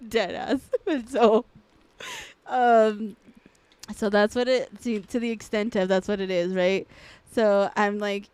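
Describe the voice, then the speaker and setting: A woman's voice: mid-range voice, fairly even intonation, slow, darkish tone, clean tone, no room sound. A woman co-hosting a podcast, telling stories in casual chat, swearing freely and laughing often. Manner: profane, laughing storyteller. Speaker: podcast co-host.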